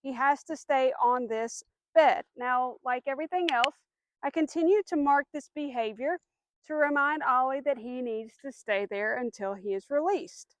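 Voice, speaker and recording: A woman dog trainer giving a clear, patient lesson outdoors, with firm short commands. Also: sits high, moderate pace, no room sound. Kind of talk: instructional demonstration.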